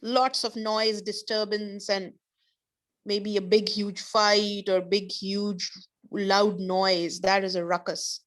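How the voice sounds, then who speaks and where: A woman's voice: mid-range voice, little pitch movement, slow pace. A woman teaching an online class over a video call, explaining words patiently with examples and encouraging her students.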